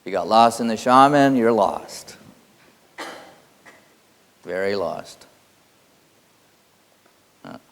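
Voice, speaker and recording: A man giving a spiritual teaching, halting with many fillers and quietly intense. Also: lowish voice, expressive, gravelly, slight background noise. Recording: long hall reverb.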